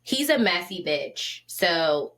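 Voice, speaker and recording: Woman, twenties, podcast co-host, casual chat, blunt, wry, lowish voice. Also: very animated, slow, fairly bright tone. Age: 20s.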